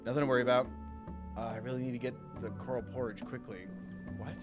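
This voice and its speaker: A man's voice: mid-range voice, fairly even intonation, fast talker. A male gaming streamer chatting casually during a live stream, venting with frustration and frequent swearing. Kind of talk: casual live gameplay chat. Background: game music.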